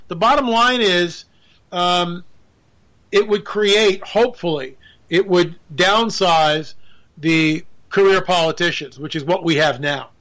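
A man's voice: high-pitched, bright, forceful tone, rough recording. A man giving a rambling, sarcastic political monologue, now and then mimicking politicians. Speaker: political commentator. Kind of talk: casual monologue.

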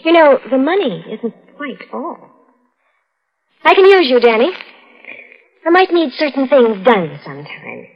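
A woman's voice: high-pitched, big pitch swings, unhurried, pauses often, breathy edge, heavily acted. A woman playing a young fiancée who turns into a cold, calculating blackmailer, in 1940s radio drama style, sweetly coaxing then icy. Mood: menacing. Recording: dull old radio broadcast.

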